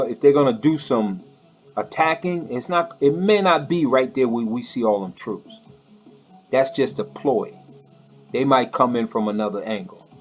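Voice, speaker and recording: A man delivering an impassioned, preachy monologue in loose, colloquial speech, tripping over repeated words as he presses on. His voice sits at an ordinary middle pitch. Soft music plays faintly behind him. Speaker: political commentator.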